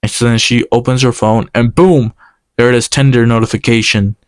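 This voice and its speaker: Young man, casual storyteller, clear smooth voice, dry close sound, acts out the dialogue. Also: mid-range voice, no echo. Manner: animated, quoting others in quick exchanges.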